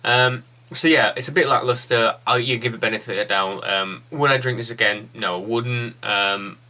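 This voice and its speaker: A man's voice: medium pitch, moderate pace, sharp tone. A man giving a casual, blunt and rambling beer review.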